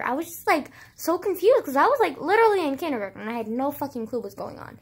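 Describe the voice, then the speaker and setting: A young woman vlogger speaks fast in a high voice with lively intonation and hardly any pauses. Telling her viewers childhood stories on camera, she rambles casually, saying "like" constantly and swearing.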